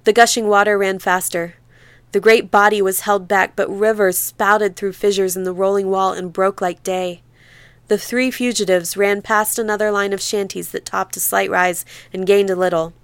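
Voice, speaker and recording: A woman narrating a novel in a measured, vivid literary reading into a close studio mic. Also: mid-range voice, fairly even intonation, clean tone, dry recording. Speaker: audiobook narrator. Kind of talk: scripted narration.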